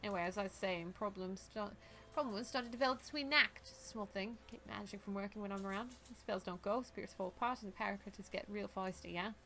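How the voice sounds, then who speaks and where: A woman's voice: medium pitch, fast talker, pushed and bright. A woman voicing a tough, brash female mercenary with a shotgun, putting on a swaggering, blunt accent. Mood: gruff storytelling.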